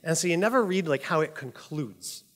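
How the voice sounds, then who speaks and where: A man's voice: fairly high pitch, animated, moderate pace, fairly bright tone, big-room sound. A man giving a casual, conversational sermon as pastor, laughing often and asking "right?". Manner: chatty, laughs often, says "like" and "right?" a lot.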